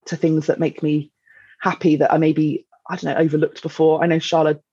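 A woman, speaking as a podcast guest in candid, reflective conversation, halting and full of fillers. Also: low-pitched, flat delivery, dark tone, breathy edge, dry recording, dull audio.

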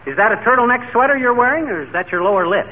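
A man's voice: very high voice, expressive, racing, phone-quality sound. An actor playing a brash, wisecracking husband who laughs at his own bad puns, in 1940s radio comedy style. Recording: scratchy old radio broadcast with studio audience.

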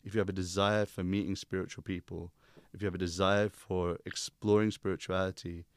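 A young man, a guest speaking calmly and teacherly about spiritual ideas. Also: deep voice, fairly quick, dry recording, clean studio sound. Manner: calm, teacherly, uses analogies. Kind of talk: reflective conversation.

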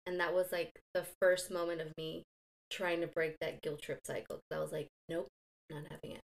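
A woman's voice: fairly low pitch, flat delivery, a little fast, vocal fry. A woman in her thirties chatting casually as a podcast co-host, telling her own stories and backing up her partner with short agreements. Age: 30s. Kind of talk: casual chat.

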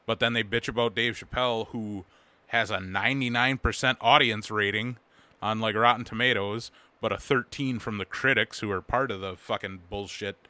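A man's voice: fairly low pitch, steady tone, moderate pace, sharp tone, no room sound. A man hosting a podcast, ranting with strong opinions and heavy swearing. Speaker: podcast host. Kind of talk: casual podcast chat.

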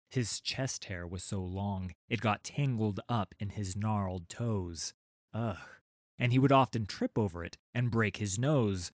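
A man's voice: on the low side, dry recording, clean studio sound. A man narrating a children's storybook, with wry, playful asides to his listeners.

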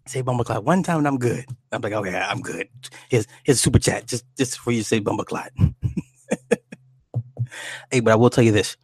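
A man's voice: mid-range voice, fairly quick, long pauses, darkish tone, breathy edge, no echo. A man chatting casually on a livestream, rambling and profane, laughing often. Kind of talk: casual chat.

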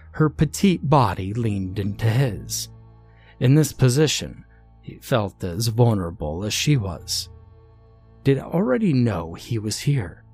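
Low voice guy reading a creepy story real slow, faint music under it. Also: a little mellow. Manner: slow, deliberate, ominous. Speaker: narrator. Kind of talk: scripted horror story narration.

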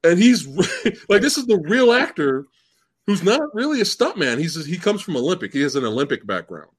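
A man guesting on a casual movie podcast, excitable and swearing casually as he gushes about films. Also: moderate pace, breathy edge. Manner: excitable, swings pitch wildly, swears casually.

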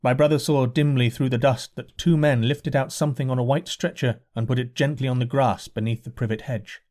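A man reading a novel aloud as an audiobook narrator in a measured, deliberate way. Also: medium pitch, fairly even intonation, a little mellow. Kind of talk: scripted narration.

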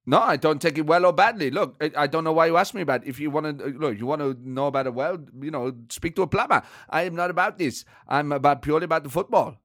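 A man's voice: fairly high pitch, quick pace, few pauses, fairly bright tone, no echo, studio quality, lightly acted. A man putting on a combative foreign football manager who speaks broken English and turns defensive and threatening.

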